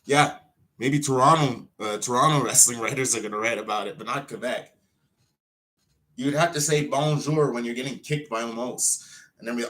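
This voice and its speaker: A man's voice: medium pitch, normal speed. Man ranting and cursing on his show. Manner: heated, swearing, loud outbursts then muttering. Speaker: wrestler hosting his own show. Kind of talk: unscripted profane rant.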